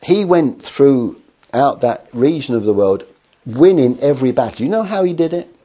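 A man's voice: medium pitch, normal speed. Man preaching a storytelling sermon. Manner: storytelling, animated acted quotes, rhetorical questions.

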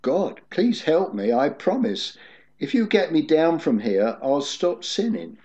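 A man voicing a desperate man stranded on a cliff, yelling and pleading for help. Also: on the high side, sing-song, a little slow, pitched above the performer's own voice. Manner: frantic pleading yells. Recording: dull lo-fi recording.

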